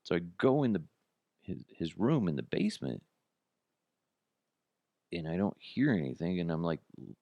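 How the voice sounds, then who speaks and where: Deep, gravelly man telling stories. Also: moderate pace, pauses often, no room sound, highs cut off. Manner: profane, animated, jumps to high incredulous pitch. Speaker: podcast host. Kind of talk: casual comedic storytelling.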